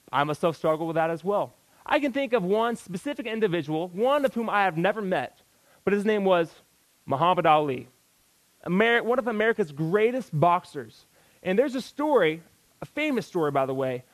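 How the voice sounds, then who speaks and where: A man's voice: high-pitched, no echo, poor audio. A man preaching a sermon in a folksy, exclamatory way, breaking into sudden outbursts.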